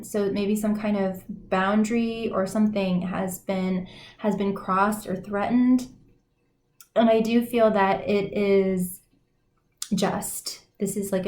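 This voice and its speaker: A woman's voice: medium pitch, darkish tone. A woman giving a casual intuitive oracle card reading, exclaiming and laughing often, with many fillers. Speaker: tarot and oracle card reader. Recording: echoey room, faint noise.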